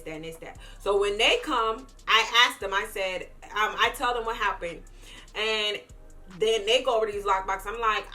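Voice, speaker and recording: A young adult woman vlogger telling a storytime, animated, acting out what people said. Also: mid-range voice. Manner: animated, retelling with quoted dialogue. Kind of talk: storytime vlog.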